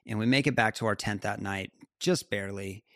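Guy telling a story, animated, lots of laughing asides, really dry close sound. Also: fairly low pitch, brisk, dry recording. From United States. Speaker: guest. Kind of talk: storytelling in a conversation.

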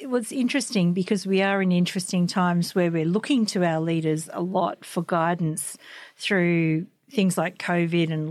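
Low-voiced woman interviewer, dry sound. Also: darkish tone, no room sound. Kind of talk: casual interview talk.

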